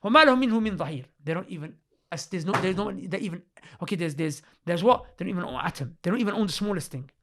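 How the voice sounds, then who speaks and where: A man talking with emotion in a religious podcast discussion, repeating himself for emphasis, restarting his sentences and reciting Arabic verses in quick bursts. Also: high voice. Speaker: podcast speaker.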